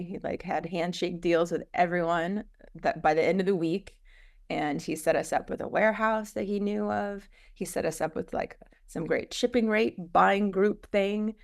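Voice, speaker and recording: A woman co-founder guest telling her story in a rambling, animated way in a casual interview. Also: on the low side, creaky.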